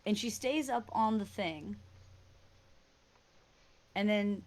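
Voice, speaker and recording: A woman's voice: medium pitch, takes it slowly, darkish tone. A woman narrating a tabletop role-playing game as game master, chatty and descriptive. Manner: casual, chatty, describes scenes with sound words.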